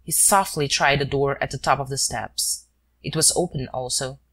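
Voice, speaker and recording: A woman with a notably low, deep voice narrates an audiobook. Her delivery is measured and steady, carrying the story at an even, unhurried pace. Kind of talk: scripted narration.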